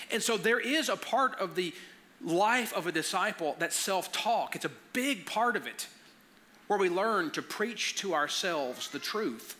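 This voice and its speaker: A man's voice: high-pitched, expressive, unhurried, pushed and bright. A man preaching a conversational sermon, telling personal stories and often stammering and repeating words. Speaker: pastor.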